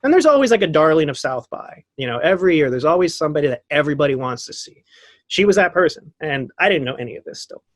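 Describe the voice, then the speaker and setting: A man in his thirties telling a story as a podcast guest, lively and acting out what people said, laughing often. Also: fairly high pitch, fast talker, no echo. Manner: animated, acts out quotes, laughs often. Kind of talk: casual storytelling.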